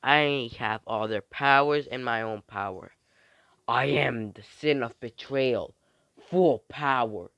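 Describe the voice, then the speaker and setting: Man doing a loud, commanding young dark hero. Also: medium pitch, takes it slowly, creaky, dry recording, dull audio. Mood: grandiose. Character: young male hero turned power-hungry sin, commanding.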